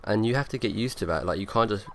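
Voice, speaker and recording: A man's voice: fairly low pitch, fast talker. A young man rambling through casual gameplay commentary, leaning on lots of fillers. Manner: rambling, filler-heavy, talks over gameplay. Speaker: gaming YouTuber.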